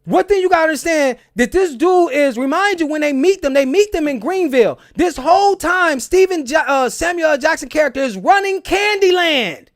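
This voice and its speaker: High-voiced emphatic man breaking down a film. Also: expressive, normal speed, hardly any pauses. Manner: emphatic, preachy, swears a lot, repeats phrases. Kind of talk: excited casual commentary.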